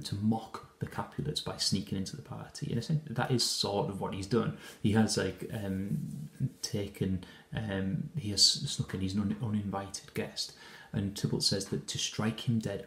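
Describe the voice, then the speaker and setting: A man gives a lesson commentary on a play scene. His voice is low and gravelly and stays fairly flat. He pauses and restarts often, in an echoey room. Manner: explanatory, hesitant with frequent ums and restarts. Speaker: English teacher.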